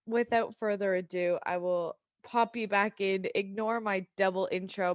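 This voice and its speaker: An Australian woman in her thirties hosts a podcast, talking casually and a little rambling. Her pitch sits in an ordinary middle range. She sounds enthusiastic and unscripted. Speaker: podcast host.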